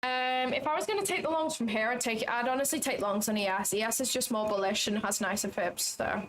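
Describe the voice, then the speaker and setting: Woman streamer narrating her trades live, chatty and self-mocking, fairly high voice. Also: brisk, fairly bright tone. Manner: chatty, thinks aloud, self-deprecating. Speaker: trading livestream host. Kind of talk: live commentary while trading.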